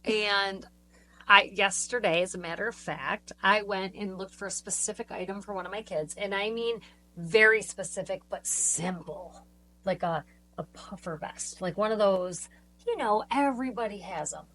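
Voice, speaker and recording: A middle-aged woman with a bright, sharp voice chats on a podcast. She tells stories with emphasis, and a faint hum sits in the background. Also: mid-range voice, normal speed, poor audio. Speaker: podcast co-host. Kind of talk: casual chat.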